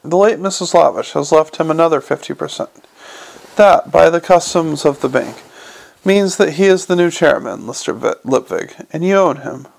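A man voicing a dry, pedantic old zombie lawyer in a slow, formal, gravelly hushed voice. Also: a little high.

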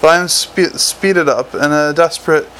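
A man's voice: fairly high pitch, unhurried, a bit bright, a little hiss or hum, low-quality recording. Man narrating a comic fantasy storybook. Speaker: audiobook narrator.

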